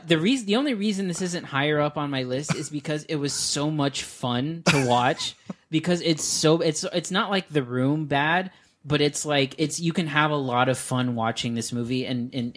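Laughing, animated male podcast co-host. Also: medium pitch, moderate pace. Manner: animated, laughing often, exaggerated disbelief. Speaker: podcast co-host, film critic. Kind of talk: casual chat.

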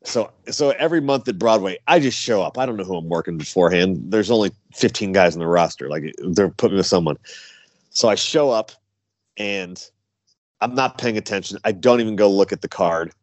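A man's voice: deep voice, a little fast, dry recording. A man, a wrestler guest, telling stories in casual chat, acting out quotes and laughing often. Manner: animated storyteller, acts out quotes, laughs often.

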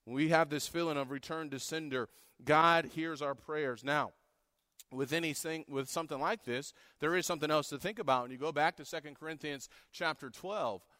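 Bright, crisp-voiced male preacher. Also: on the high side, moderate pace, no room sound, studio quality. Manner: earnest, rises to impassioned pleading when reading scripture. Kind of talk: sermon.

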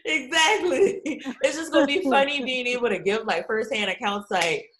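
Woman, high voice, animated casual chat, profane and quick to laugh. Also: a little hiss or hum.

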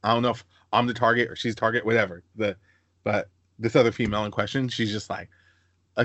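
A young man hosting a casual podcast chat, telling animated stories and slipping into high-pitched voices for the people he quotes. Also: fast, no echo. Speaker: podcast host.

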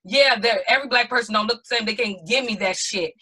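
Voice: mid-range voice, fast talker, pushed and bright, breathy edge, poor audio. A speaker in a casual group discussion, talking emphatically and bluntly and stressing points with a firm "period". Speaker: panel participant.

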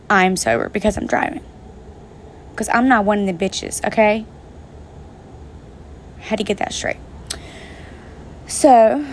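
Speaking directly to her audience, a young vlogger chats her way through a story and curses without holding back. Her voice sits in the mid range, and faint rain and a little background noise can be heard.

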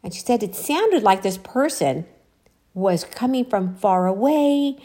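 A woman talks unhurriedly while out on a walk, in a middle-pitched voice. She retells a strange story in a chatty, conversational way, pausing often as she goes. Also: expressive, mellow. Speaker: vlogger. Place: outdoors, walking.

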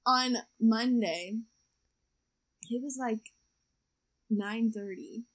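A woman's voice: on the high side, drawn-out words. A young woman telling a dating story in a casual podcast chat, chatty and laughing often. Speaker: podcast co-host.

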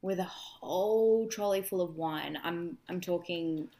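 An Australian woman in her thirties hosting a podcast, telling travel stories in casual chat with deadpan asides. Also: lowish voice, measured pace. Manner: chatty storyteller with deadpan asides. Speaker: podcast host.

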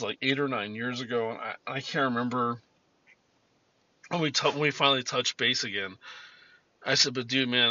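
A man's voice: mid-range voice, sharp tone, no echo, dull audio. A man in his fifties hosting a podcast, telling personal stories in a rambling, profane way with many restarts. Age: 50s. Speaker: podcast host. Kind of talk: casual personal storytelling. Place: in a car.

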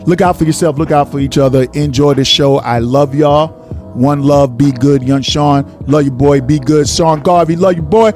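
A man's voice: a little high, steady tone, normal speed, a little mellow, faint music behind. A male radio host talking casually, blunt and profane as he rants to his listeners.

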